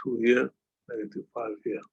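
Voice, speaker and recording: A man's voice: medium pitch, fairly even intonation, normal speed, breathy edge, highs cut off. A man teaching a calculus lesson over a video call, who keeps checking understanding with a questioning "yeah?". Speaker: math tutor.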